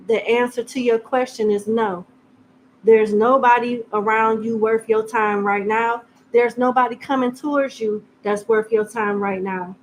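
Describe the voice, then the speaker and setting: A woman's voice: a little high, a little hiss or hum, poor audio. A woman giving a casual tarot reading in a blunt, joking, slangy way. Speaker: tarot reader.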